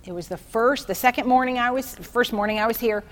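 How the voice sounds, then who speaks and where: Bible teacher lady, kinda high voice, super chatty and excitable, keeps saying okay?. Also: a little fast. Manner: tells personal stories to make a point.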